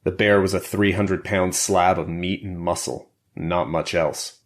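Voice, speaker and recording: A man narrating an action thriller audiobook in a steady, measured way. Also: low voice. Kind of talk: scripted narration.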